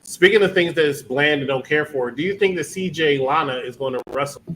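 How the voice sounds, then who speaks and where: A man's voice: fairly high pitch, a little fast, a bit bright, slight background noise, low-quality recording. A man co-hosting a wrestling review show in casual chat, teasing and cracking dry jokes. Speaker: co-host, the Executive Consultant.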